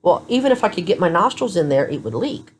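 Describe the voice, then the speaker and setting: Blunt, low-voiced woman in hospital. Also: very animated, fast talker, slight background noise. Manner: candid, blunt storytelling. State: tired. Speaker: vlogger. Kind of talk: casual chat to camera. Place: hospital room.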